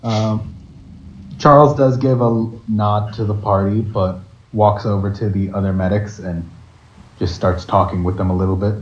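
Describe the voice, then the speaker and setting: A man's voice: fairly low pitch, steady tone, moderate pace, darkish tone. A man game master narrating a tabletop game in plain, descriptive tones. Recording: dull, roomy amateur recording with noise.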